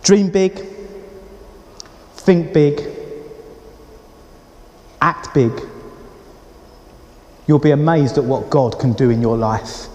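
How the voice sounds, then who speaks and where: A middle-aged man preaching a sermon as a pastor, animated and conversational with chatty asides. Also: on the high side, takes it slowly, long pauses. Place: church. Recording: reverberant church hall.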